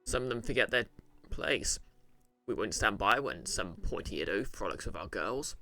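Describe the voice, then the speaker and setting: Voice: mid-range voice, expressive, moderate pace, bright, forceful tone, dry recording, faint music behind, voice pushed down. A streamer voicing a grumpy, hungover male satyr who answers rudely and defiantly. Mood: surly. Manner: gruff, surly, dismissive. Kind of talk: voicing a game character on stream.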